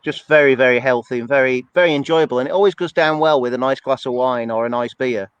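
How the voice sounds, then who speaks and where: A man's voice: medium pitch, quick pace, clear, resonant tone, dry recording, poor audio. A man co-hosting a church's weekly show, chatting casually and rambling along in a self-deprecating way. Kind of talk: casual chat.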